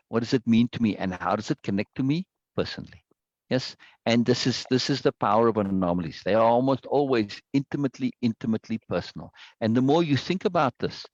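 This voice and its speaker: A man's voice: lowish voice, dry recording, muffled recording. A man leading an online group discussion, enthusiastic and repeating his words and phrases often.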